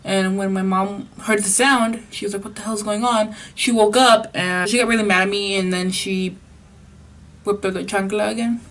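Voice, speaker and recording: A woman's voice: medium pitch, fairly even intonation, normal speed, fairly bright tone. A young adult woman vlogger telling a casual story in a chatty way, full of "like" and the odd Spanish phrase. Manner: chatty, filler-heavy with frequent "like", Spanish phrases.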